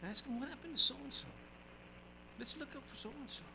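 An older man preaching a sermon as pastor, his voice swinging from loud exclamations down to quiet asides. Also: very high-pitched, moderate pace, creaky, background noise.

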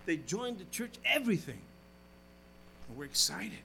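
An older man preaching a sermon as pastor, his voice swinging from loud exclamations down to quiet asides. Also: high voice, big pitch swings, moderate pace, vocal fry, pauses often, a little hiss or hum, rough recording.

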